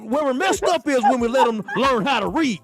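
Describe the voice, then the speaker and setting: A man's voice: very high voice, animated, a little fast, over music. A man voicing a fawning, bigoted old-timer who drawls and keeps saying "I tell you what," in a mocking livestream caricature. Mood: preachy agreement.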